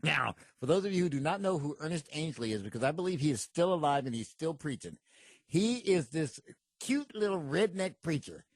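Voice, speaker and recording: A man co-hosting a podcast, telling stories in a casual, animated way and laughing often. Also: fairly high pitch, brisk, dry recording. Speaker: podcast co-host. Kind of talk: casual storytelling chat.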